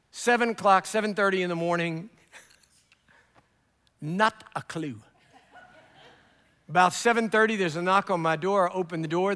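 A man's voice: sits high, sharp tone, big-room sound. A man preaching a sermon, telling a story and acting out the dialogue.

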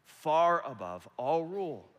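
Preaching slowly in a big church hall, each phrase followed by a long echo, a male pastor moves between climbing, ringing exhortations and near-whispered quiet passages. His voice sits slightly high for a man and swings widely in pitch.

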